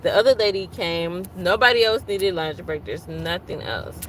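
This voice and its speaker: A woman's voice: lowish voice, expressive, normal speed, a bit bright, slight background noise, poor audio. A woman hosting a casual livestream, chatting and venting while greeting viewers by name. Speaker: livestream host.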